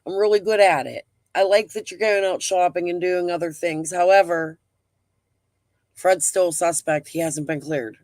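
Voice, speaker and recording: A woman's voice: lowish voice, moderate pace, darkish tone, no room sound. A middle-aged woman hosting a casual live stream. She talks bluntly, rambles, swears freely and breathes heavily.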